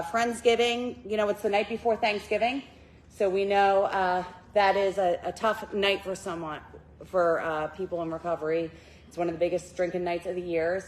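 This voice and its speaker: A woman's voice: mid-range voice, low-quality recording. A woman leading a recovery group meeting in a church room, giving chatty announcements and a heartfelt introduction, with many fillers.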